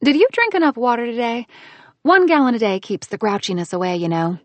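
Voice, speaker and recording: A woman narrating an audiobook, voicing a cheerful, teasing young heroine in a bubbly, higher voice. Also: animated, a little fast, no echo, lightly acted. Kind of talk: audiobook character voice.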